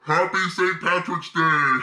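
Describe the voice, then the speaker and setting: Man, voice altered by inhaled gas, very slow, drawn out, piercing bright tone, echoey room. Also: a little high, creaky, slight background noise.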